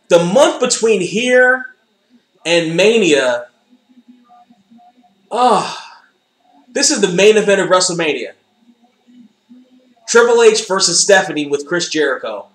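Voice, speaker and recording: A man's voice: sits high, fairly bright tone, roomy sound. A man casually reacting to old wrestling footage, sarcastic and joking, swearing freely. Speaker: commentator watching wrestling footage.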